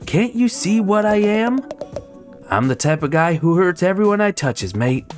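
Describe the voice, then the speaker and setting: A game streamer voicing a prickly, lonely sea urchin in a video game, speaking in a gruff, slangy, brusque way. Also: medium pitch, big pitch swings, a little slow, faint music behind, pitched above the performer's own voice.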